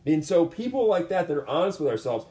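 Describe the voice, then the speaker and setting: Speaking fast with big pitch swings, a combat sports coach tells rambling, earnest stories and keeps restarting. His voice is fairly high and mellow, and the casual conversation was recorded in an echoey room.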